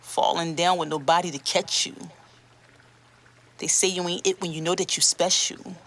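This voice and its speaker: A woman rapper delivering a low, intimate verse on a hip-hop track. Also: fairly even intonation, normal speed. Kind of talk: rap verse over a hip-hop beat. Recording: rap track with loud hip-hop music.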